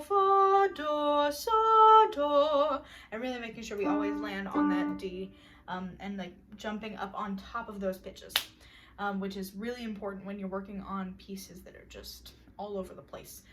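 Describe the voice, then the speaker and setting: Heard from far off the mic with slight background noise, a young woman with a medium-pitched voice explains vocal warm-up exercises for her class project. She's relaxed and full of fillers, and stops to sing brief solfege drills.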